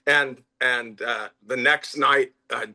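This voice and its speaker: A middle-aged man, a restaurant owner and interview guest, telling lively anecdotes full of quoted voices and frequent "uh" fillers. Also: mid-range voice, slow pace. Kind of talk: conversational interview storytelling.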